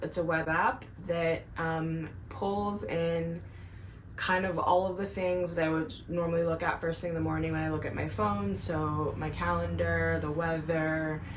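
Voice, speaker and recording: A woman's voice: deep voice, a little hiss or hum. A young woman talking casually to camera in a rambling, self-deprecating way with many fillers. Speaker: vlogger, software engineer.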